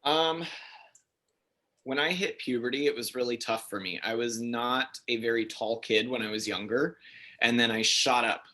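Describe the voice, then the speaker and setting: A man in his thirties, an interview guest, telling stories in a chatty, animated way with many fillers. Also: medium pitch, moderate pace. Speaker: interview guest, figure skater. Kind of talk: casual interview storytelling.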